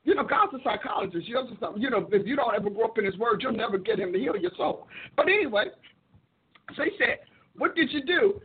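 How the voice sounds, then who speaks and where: A woman's voice: a little high, animated, a little fast, breathy edge. A woman preacher hosting her show, telling a personal testimony as teaching, acting out quoted dialogue and repeating phrases for emphasis. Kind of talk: testimony-driven teaching talk. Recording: tinny phone-like audio.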